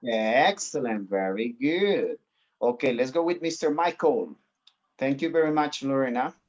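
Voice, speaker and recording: A man's voice: mid-range voice, lively intonation, a little slow, lo-fi sound. Man, English teacher, encouraging, video call class. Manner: encouraging, mixes in Spanish explanations. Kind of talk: online class instruction.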